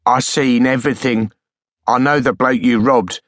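A man's voice: mid-range voice, steady tone, normal speed, dry recording, clean studio sound, natural voice. A man voicing a bitter, wasted ex-soldier. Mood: scolding. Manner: spluttering, scolding.

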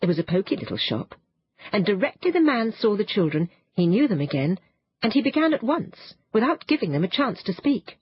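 A woman narrating a children's storybook in an expressive, animated way. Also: mid-range voice, brisk, husky, dull audio. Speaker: audiobook narrator.

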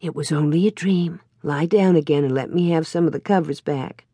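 A woman voicing a practical pioneer mother in a story reading, brisk and homely, quick to alarm. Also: medium pitch, animated, darkish tone, no room sound, natural voice.

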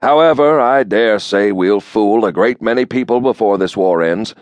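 A male audiobook narrator voicing a weary older president with a flat, nasal delivery and dry, folksy understatement. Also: fairly low pitch, moderate pace, smooth, dry recording, lo-fi sound, pitched above the performer's own voice, natural voice. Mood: wry. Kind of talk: audiobook character voice.

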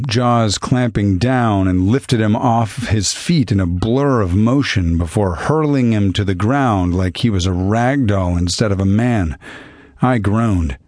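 Low-voiced male audiobook narrator, dry. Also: darkish tone, no echo. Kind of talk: first-person novel narration.

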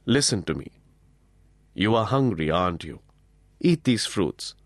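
A man voicing a serene, gentle divine lord in an audiobook, speaking in a soothing, measured way. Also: deep voice, big pitch swings, dry recording. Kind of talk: audiobook character voice.

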